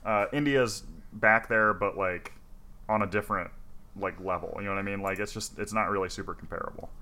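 Laid-back man with a low, bright voice. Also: fairly even intonation, a little fast. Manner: laid-back, filler-heavy, swearing. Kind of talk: casual chat.

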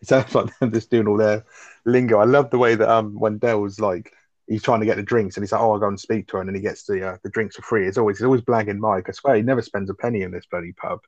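A man's voice: fairly low pitch, steady tone, fast talker, a little mellow, dry recording, highs cut off. A man, co-hosting a casual podcast chat, enthusiastic and swearing, with plenty of fillers. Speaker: podcast co-host.

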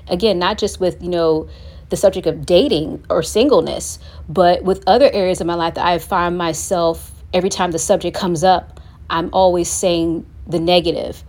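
A woman's voice: lowish voice, a little mellow. A young adult woman hosting a faith-based talk for singles, earnest and encouraging, speaking conversationally and acting out prayers aloud. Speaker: host.

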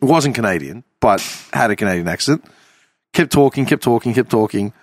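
A man hosting a podcast, telling a story in an animated, casual way with some swearing. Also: medium pitch, dry recording, studio quality. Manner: animated, swearing, quick bursts of laughter. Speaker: podcast host.

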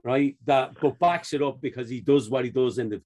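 A man in casual banter with his mates, mid-pitched and relaxed. He spins animated sports yarns, laughs between lines and slips into voices when he quotes people. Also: fairly quick. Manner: animated storyteller, laughs often, acts out quotes. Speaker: podcast co-host. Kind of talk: casual banter among friends.

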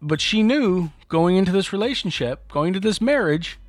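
A man co-hosting a podcast, his voice sitting a little high for a man. He chats loosely and jokes, and he trips over his own words with many restarts. Faint music plays underneath. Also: lively intonation, moderate pace, dry recording. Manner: chatty, stammering restarts, jokey. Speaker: podcast co-host. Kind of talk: casual podcast chat.

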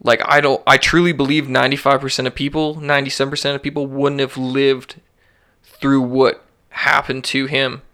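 Bright, clear-voiced laid-back podcast host man. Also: mid-range voice, little pitch movement, moderate pace. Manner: laid-back slangy talk with frequent "like". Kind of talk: casual podcast chat.

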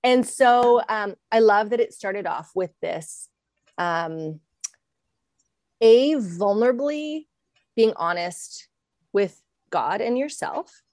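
A woman hosting a faith podcast, recorded close and dry with no room sound. She talks in an affirming, chatty way, mid-pitched, often pausing on an "um" before she goes on. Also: lively intonation, darkish tone, no echo. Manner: affirming, chatty, with frequent ums. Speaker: podcast host. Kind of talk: conversational podcast talk.

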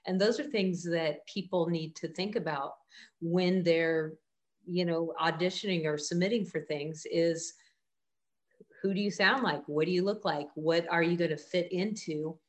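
Low-voiced woman hosting an interview. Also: measured pace. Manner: engaged, asks follow-up questions. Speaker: interview host. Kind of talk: conversational interview.

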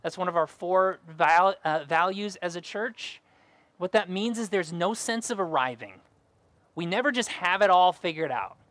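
A man's voice: high voice, expressive, normal speed, a bit bright, no echo. A young adult man preaching a sermon as pastor, earnest and fond of repeating key phrases.

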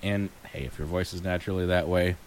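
A man's voice: low-pitched, fairly even intonation, fast talker, a little hiss or hum. A man chatting casually about a movie, musing aloud with frequent ums and light laughs. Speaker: co-host reviewing a movie. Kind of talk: casual chat.

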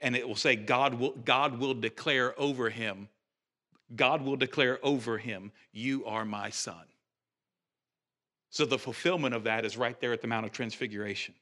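Bright-voiced male preacher, animated. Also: medium pitch, normal speed. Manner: animated, conversational preaching with restarts and rising emphasis. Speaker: pastor. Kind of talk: sermon.

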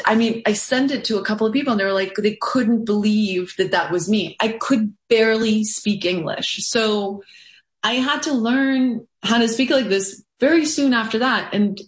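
A woman's voice: fairly high pitch, normal speed, reverberant. A woman actor from South Africa whose first language is Afrikaans, chatting as an interview guest in a candid, self-mocking, rambling way. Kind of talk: casual interview chat.

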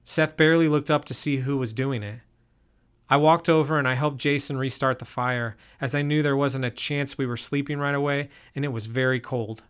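A young man telling a first-person campfire story, steady and measured in mid pitch. His reading is calm and even from line to line. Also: clear, resonant tone. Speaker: narrator.

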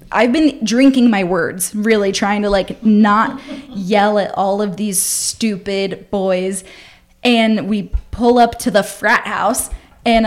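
A woman in her twenties, a podcast host telling a story in a casual, animated, profane way and acting out the voices of the people in it. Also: medium pitch.

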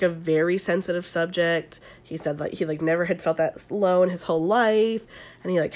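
A young woman hosting an ASMR-style recap, talking chattily with lots of fillers and casual swearing. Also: on the low side. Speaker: podcast host recapping a reality show.

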